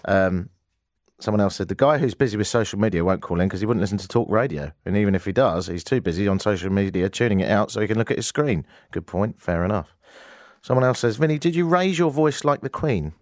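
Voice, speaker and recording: On his talk radio show, a British man in his forties with a British English accent tells a self-deprecating story full of wry asides, his voice leaping up for emphasis in an animated monologue. He speaks quickly with a darkish tone, captured on a studio microphone with clean sound and no room noise.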